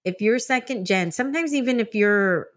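A woman from San Diego hosting a casual interview, chatty and animated as she tells stories with laughs. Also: on the high side, moderate pace. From San Diego, California. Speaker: podcast host.

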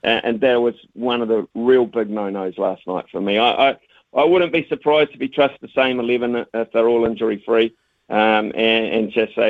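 A man's voice: on the low side, steady tone, brisk, dry recording. A New man talks cricket as a radio guest, tripping over his words and restarting in a chatty way. His voice comes through a narrow, phone-like line. The sound is dry, with no room around it. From New Zealand. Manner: stammering, repeats words, chatty. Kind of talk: casual radio phone interview.

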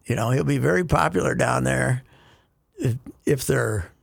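A man hosting a radio sports talk show, rambling and animated in casual chat, with a gravelly voice. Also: mid-range voice, moderate pace. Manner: rambling, animated, laughs often. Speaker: radio host.

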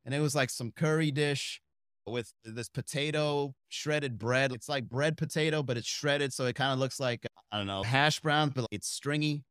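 This stand-up comedian and podcast host, a young man, wanders through his stories in a comedic monologue, constantly drifting into asides. His mid-range voice is fairly bright, clear and resonant, moving at a moderate pace, with dry studio-quality audio.

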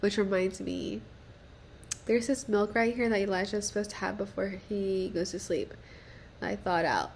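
A woman's voice: medium pitch, moderate pace, creaky, a little hiss or hum. Young woman, casual solo podcast, rambling, profane, self-deprecating, nervous laughs. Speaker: podcast host.

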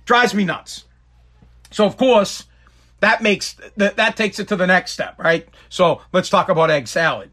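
A man with a high-pitched voice hosts a casual podcast. He rants in an exasperated, emphatic way and keeps hammering the same complaint over and over. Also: a little slow, sharp tone. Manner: exasperated, emphatic, repetitive ranting. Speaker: podcast host.

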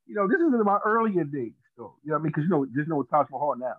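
A man's voice: on the high side, very animated, very fast, dry recording. A man telling a funny story in casual slang, laughing at his own tale. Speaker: podcast guest. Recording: dry tinny phone-like sound.

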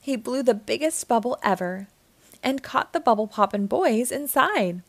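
A woman narrating a children's storybook aloud, with an expressive, clear delivery. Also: fairly high pitch, moderate pace, dry recording. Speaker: children's book reader.

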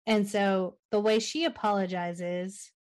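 A woman's voice: medium pitch, steady tone, measured pace, a little mellow. A woman in her forties recapping a movie in casual podcast chat, full of "like" fillers and easy laughs. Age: 40s. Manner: chatty, frequent "like" fillers, laughs easily.

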